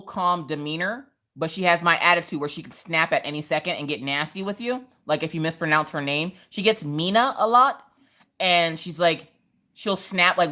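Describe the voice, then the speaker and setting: A woman hosting a casual crafting livestream, telling family stories in a lively, animated way. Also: fairly low pitch. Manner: lively storytelling, acting out family voices. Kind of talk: casual chat while crafting.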